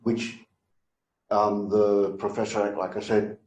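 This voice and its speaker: A man in a class, talking hesitantly about his earlier studies with many pauses. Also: lowish voice, little pitch movement, darkish tone. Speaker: student. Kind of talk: casual class discussion. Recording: roomy echo.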